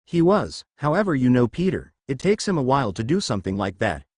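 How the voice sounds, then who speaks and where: A man reading as a soft-spoken young werewolf. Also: mid-range voice, sing-song, fairly quick, no echo, studio quality. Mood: gentle. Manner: soft and earnest.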